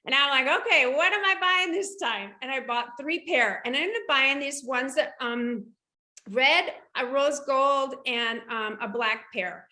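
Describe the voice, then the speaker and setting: High, bright American woman guest, lively storyteller, echoey room. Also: measured pace. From United States. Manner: animated, acts out quoted dialogue. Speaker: guest entrepreneur. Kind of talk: casual storytelling.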